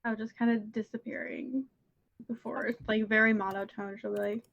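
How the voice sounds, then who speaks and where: A woman's voice: a little high, level tone, moderate pace, vocal fry, fairly bright tone, highs cut off. A woman player in a tabletop game, musing and hesitant, often trailing off. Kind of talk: casual tabletop game chat.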